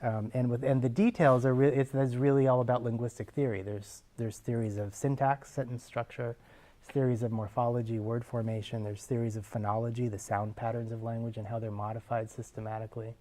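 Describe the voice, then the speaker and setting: A man's voice: medium pitch, flat delivery, brisk, mellow. A man, a linguist who explains ideas to a class in a casual, conversational way using everyday examples. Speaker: linguist answering actors' questions.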